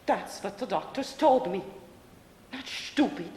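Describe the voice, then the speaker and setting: A woman's voice: medium pitch, animated, measured pace, mellow, natural voice. Stern, guarded old grandmother, played by a woman on a live stage; curt commands, heard from a distance in a reverberant theater. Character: stern, bitter elderly grandmother, shopkeeper. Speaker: stage actor. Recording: reverberant theater from far off, faint hiss.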